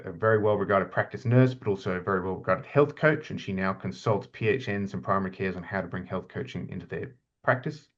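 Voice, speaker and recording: A man's voice: lowish voice, highs cut off. A middle-aged man gives an informal slide lecture as an academic lead, chatty, with many fillers and restarts. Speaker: university academic lead presenting a webinar.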